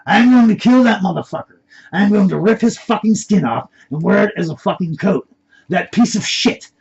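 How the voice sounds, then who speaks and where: A man voicing an angry, foul-mouthed male kidnapper in a red mask, screaming threats in a gravelly voice. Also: sits high, animated, moderate pace, darkish tone, highs cut off, voice pushed up, exaggerated voice. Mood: furious.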